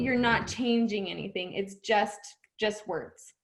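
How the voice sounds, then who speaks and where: A woman's voice: on the high side, moderate pace, few pauses, fairly bright tone, poor audio. A woman leading a group mindset session over a video call, encouraging and emotional, laughing often.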